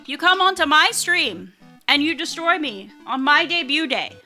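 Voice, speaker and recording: Young woman, streamer, playful, high-pitched, bright tone, faint music behind. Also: lively intonation, moderate pace. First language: English. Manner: playful and giggly. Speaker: VTuber streamer. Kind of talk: casual livestream self-introduction.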